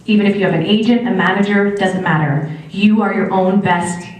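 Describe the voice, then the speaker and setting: A woman in her thirties from New Jersey tells students an animated personal story. She acts out quotes, jumping high in pitch. She is recorded from a distance in a big, echoey theater. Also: brisk. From New Jersey, USA. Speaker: alumna actress giving a talk. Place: large theater. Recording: very echoey theater, mic from far off.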